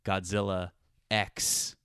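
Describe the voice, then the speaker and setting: A man's voice: sits low, flat delivery, slow, sharp tone, smooth, no room sound, clean studio sound. A man co-hosting a podcast in casual chat, rambling with frequent ums and restarts. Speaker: podcast co-host.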